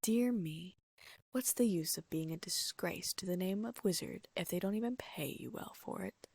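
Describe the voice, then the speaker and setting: A woman's voice: on the low side, normal speed, no room sound. Woman whispering as a sneering aristocrat wizard. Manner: hushed, breathy whispering sneer.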